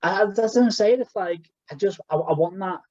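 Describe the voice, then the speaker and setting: A man's voice: high-pitched, normal speed, darkish tone, dry recording, highs cut off. A young man co-hosting a podcast, chatting casually and rambling with restarts. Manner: rambling, full of fillers and restarts. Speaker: podcast co-host. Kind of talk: casual chat.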